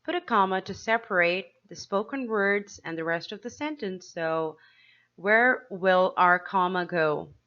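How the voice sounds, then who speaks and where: A woman teacher giving a slow, clear grammar lesson to young pupils, asking them questions as she explains each step. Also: mid-range voice, fairly bright tone, muffled recording. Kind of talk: grade-school grammar lesson.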